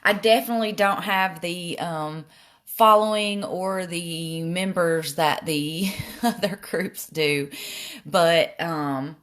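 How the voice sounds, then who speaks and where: A woman's voice: fairly low pitch, slow, a bit bright. An older woman with a Southern accent chats casually while demonstrating her eye makeup and answering viewers' comments. She often makes fun of herself. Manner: chatty, self-deprecating, reads comments aloud. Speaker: makeup live streamer. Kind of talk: casual makeup tutorial live stream.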